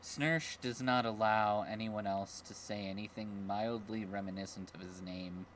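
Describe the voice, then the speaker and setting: A man's voice: fairly low pitch, steady tone, a little slow, a bit bright, slight background noise. A male streamer giving casual let's-play commentary, crude and jokey, squealing in mock disgust.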